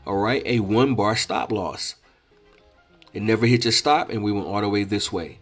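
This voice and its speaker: A man teaching day trading over chart examples, emphatic and repetitive, often checking in with "all right?". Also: fairly low pitch. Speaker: trading coach. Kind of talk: screen-share trading lesson.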